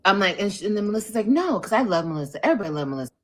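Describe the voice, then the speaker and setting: A woman hosts a casual livestream and talks straight into her streaming mic. She tells her story in an animated way, swears often and acts out what other people said. Her voice sits at a middle pitch. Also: racing. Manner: animated, profane, acts out quotes. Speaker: livestream podcast host.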